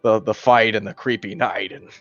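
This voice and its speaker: A man speaking in character at a tabletop game, friendly and halting. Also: fairly low pitch, steady tone, fairly bright tone, dry recording. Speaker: player voicing his character. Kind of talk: tabletop role-play in character. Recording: dull sound, faint music behind.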